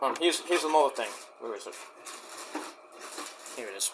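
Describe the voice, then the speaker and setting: A man's voice: medium pitch, expressive, moderate pace, pauses often, a bit bright, slight background noise. A man in a vlog ranting straight at his critics, defensive and indignant, swearing and rambling with restarts. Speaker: YouTube wrestling reviewer.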